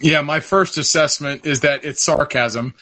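A man's voice: on the high side, a little slow, sharp tone. A man speaking as a guest on a talk show, plainspoken and conversational with some hesitations. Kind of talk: casual talk.

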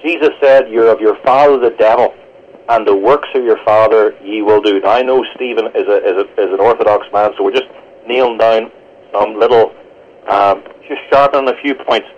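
A man, a pastor, answering on a radio show with earnest, halting restarts while quoting scripture. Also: lowish voice, highs cut off. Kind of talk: radio interview, theological answer.

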